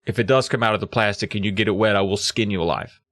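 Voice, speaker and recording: A man's voice: on the low side, steady tone, fast talker, fairly bright tone, no echo, pitched below the performer's own voice, natural voice. A man voicing a stern, house-proud neighbor woman who gives bossy, threatening orders. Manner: bossy, menacing.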